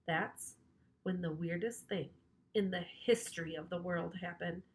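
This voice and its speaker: A woman librarian reading a children's chapter book aloud in an animated, playful, teasing way. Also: on the low side, measured pace. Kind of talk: children's storybook read-aloud.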